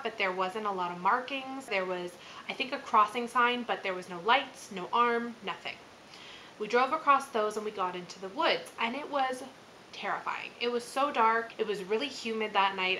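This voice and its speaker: A woman in her thirties hosts her channel and shares a spooky personal story, chatty and loose, with plenty of fillers and little laughs. Her mid-range voice is bright and forceful. The low-quality recording carries slight background noise.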